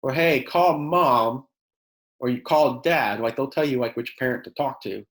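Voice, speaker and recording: Male high school teacher giving a workshop, sarcastic edge, loose talky delivery, roomy sound. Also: fairly quick. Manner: conversational, many fillers, acts out quoted exchanges; self-described sarcastic.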